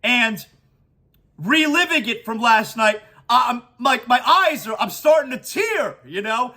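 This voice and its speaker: Sports talk host, man, high, bright, emotional, stammering and gushing. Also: lively intonation, takes it slowly. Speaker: podcast host. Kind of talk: excited sports talk monologue.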